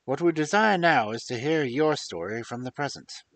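A man playing a grave, measured detective. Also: medium pitch, animated, fairly bright tone, no echo. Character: grave, calm male detective, precise and authoritative.

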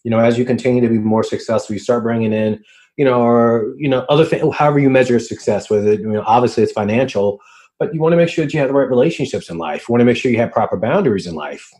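A man from Richmond, Virginia with a slight Virginia drawl, a coach talking in a chatty, animated way as a podcast guest on a remote call. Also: mid-range voice, quick pace. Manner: animated, chatty, many fillers and restarts. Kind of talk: casual podcast interview.

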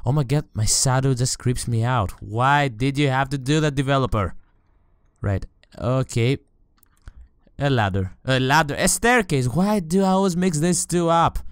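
A man's voice: mid-range voice, moderate pace, clean tone, no room sound, clean studio sound. A man playing a horror game on camera, talking to the game and his viewers, often shrieking and swearing when scared. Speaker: let's play gamer.

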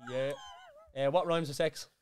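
A man's voice: a little high, steady tone, background noise. An Irish man co-hosting a podcast, firing off quiz questions and giggling between them. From Ireland. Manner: giggly, quick-fire quizzing. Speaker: podcast co-host running a quiz game. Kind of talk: casual podcast chat. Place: podcast studio.

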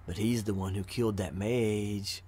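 A man's voice: lowish voice, steady tone, measured pace, a little mellow, a little hiss or hum, lightly acted. A man voicing a gleeful, giggling old male necromancer locked in a prison cell, talking in a sly, gloating way.

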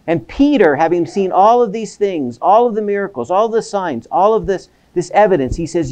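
A man lecturing on scripture in a lively, animated way, his voice sitting a bit higher than most men's. He throws questions at the room, then answers them, and keeps tagging his points with a quick "right?" to keep listeners with him. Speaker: seminary lecturer. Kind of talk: academic Bible lecture.

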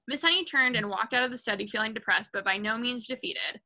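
A woman reads a children's novel aloud to her book club, stumbling now and then and adding asides. Her voice is very bright and fairly high. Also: fast talker, rough recording. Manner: reads with light commentary and small slips.

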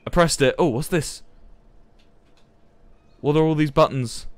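A young man, commentating a live game stream in a flustered, excitable way, swearing and laughing. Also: on the high side, unhurried, no room sound. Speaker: livestreamer.

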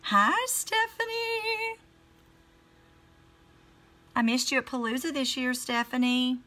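Fairly quick and level in tone, her high, fairly bright voice carries a casual beauty live stream. She is a middle-aged woman with a Southern American accent, swatching lipsticks and greeting viewers by name.

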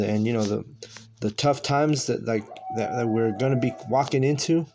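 Man, mid-pitch, casual slangy preacher, rambling delivery, faint music underneath. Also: warm tone. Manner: loose and conversational, slangy, with many restarts and filler words. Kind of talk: casual scripture teaching.

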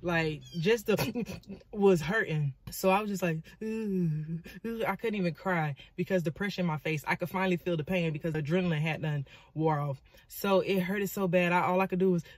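Woman vlogger; lively, dramatic storytelling with asides; dry, close recording. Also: on the low side, fairly quick, few pauses, dry recording. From Florida, US. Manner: animated, dramatic retelling with lots of asides. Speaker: vlogger and motivational speaker. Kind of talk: storytelling vlog.

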